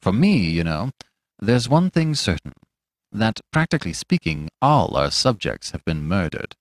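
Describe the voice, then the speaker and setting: A man's voice: fairly low pitch, sing-song, a little slow, no echo, studio quality. A man voicing a reckless young doctor who talks in a cool, sneering, worldly way.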